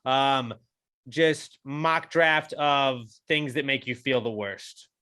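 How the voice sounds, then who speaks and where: A man's voice: medium pitch, fairly even intonation, slow, pushed and bright, clean tone. A man co-hosting a podcast, talking in loose, rambling casual chat. He runs himself down cheerfully and swears freely as he goes. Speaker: podcast co-host.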